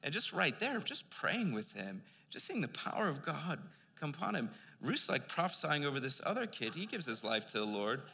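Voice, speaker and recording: A man's voice: on the high side, very animated, normal speed, vocal fry, hardly any pauses, sharp tone. An older man preaching a sermon in a church, telling a personal story in a loose conversational way with many fillers. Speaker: pastor. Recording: long hall reverb.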